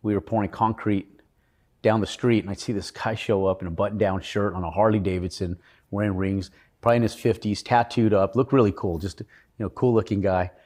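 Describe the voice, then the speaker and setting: Low husky-voiced man telling his story. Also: steady tone, fairly quick, darkish tone. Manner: earnest, rambling, frequent restarts. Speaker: podcast guest. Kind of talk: casual interview storytelling.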